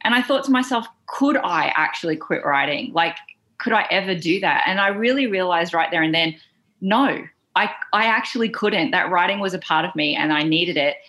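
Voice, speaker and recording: An Australian woman, a writer and panel guest, telling a lively story on a video call and acting out the people she quotes. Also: fairly low pitch, normal speed. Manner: lively storytelling, animated quoting. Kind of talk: casual panel conversation.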